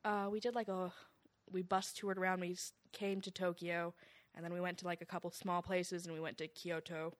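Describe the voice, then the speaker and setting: Brief: young female comic guest, deadpan storytelling, studio mic. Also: on the low side, fairly quick. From California, USA. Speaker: comedian guest. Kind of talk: casual comedic chat.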